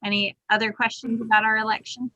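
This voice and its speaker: A woman's voice: fairly high pitch, flat delivery, quick pace, pushed and bright, dull audio, slight background noise. A woman chairing an online meeting over a video call, explaining procedures step by step in casual talk.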